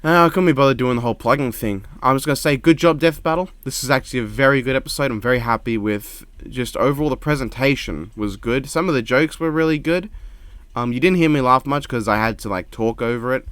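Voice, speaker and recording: A man talks through his reactions in a low-key, quiet monotone, circling back and restarting his thoughts as he goes. His voice sits in an ordinary middle pitch. It is recorded close on a microphone at home, with a dry, deadened sound. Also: quick pace, clean tone, no room sound. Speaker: reaction video creator. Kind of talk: casual reaction commentary. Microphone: desk microphone.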